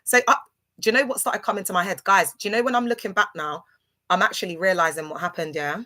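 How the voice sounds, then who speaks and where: In a fast, bright, forceful voice on the low side, a livestream host from London rambles through a personal story. It's a casual storytelling monologue full of fillers and restarts.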